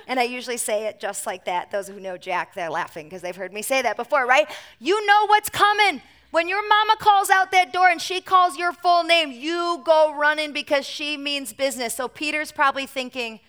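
A woman preaching to her congregation, telling the story with animated energy. Her voice sits fairly high and sounds bright and sharp. She pushes some lines out with emphasis and drops others almost to a hush. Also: moderate pace, clean tone. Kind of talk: sermon. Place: church service with a congregation.

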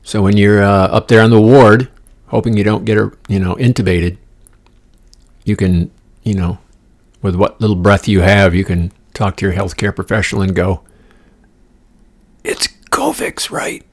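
A low, gravelly male voice rambles through a solo comedy podcast from a condo room. He swears freely, wanders off on tangents and drops into whispered asides before bouncing back. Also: little pitch movement, normal speed. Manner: profane, digressive, playful asides and whispered jokes. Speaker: podcast host.

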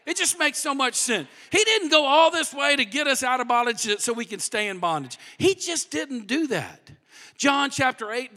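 Male pastor, sermon, lively swinging pitch, echoing church hall. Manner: animated preaching, drops to hushed emphasis. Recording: long hall reverb.

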